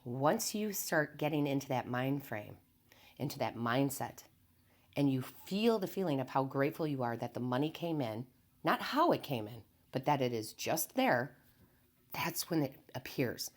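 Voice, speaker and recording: Very low-voiced calm spiritual woman. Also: normal speed. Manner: calm, earnest, not hyped up, repeats key phrases. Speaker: tarot reader and medium. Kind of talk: spiritual motivational talk to camera.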